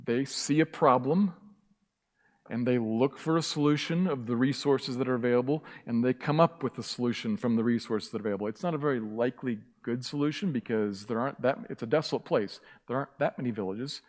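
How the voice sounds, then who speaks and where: A pastor with a mid-range voice delivers a brisk sermon in a church sanctuary. He repeats key phrases with emphatic, impassioned force, and the recording carries church hall reverb.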